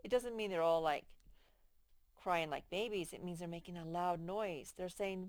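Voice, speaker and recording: A woman teaching young children to read, slowly stretching out each word with patient, clear explanations. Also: lowish voice, no echo. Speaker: first-grade teacher. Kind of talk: slow, patient phonics lesson to young children.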